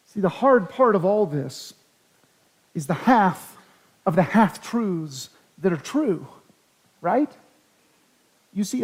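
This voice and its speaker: Pastor, male, high-pitched, earnest sermon delivery with scripture reading. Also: poor audio. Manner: earnest preaching, reads scripture aloud, dramatic rises for quoted pleas.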